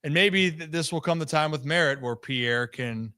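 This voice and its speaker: A man hosting a casual sports talk show, his voice bright and forward. He is upbeat and playful, and he drifts easily into stories for his co-hosts. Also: fairly high pitch, moderate pace, clear, resonant tone, dry recording, clean studio sound. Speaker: host.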